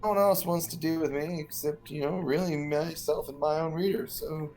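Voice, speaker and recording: A wheedling freelance reporter, played by a man in a tabletop game. He fishes for information in halting starts and restarts, his voice sitting a little high. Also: fairly even intonation, darkish tone, faint music behind, lightly acted. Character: smooth-talking male freelance reporter.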